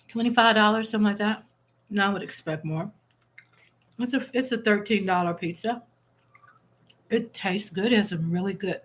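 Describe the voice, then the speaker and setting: A woman chats candidly with her live audience from home, reading out viewer comments as she goes. She sounds relaxed and talkative. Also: mid-range voice, normal speed, long pauses. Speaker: live-stream host. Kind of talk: casual live chat with viewers.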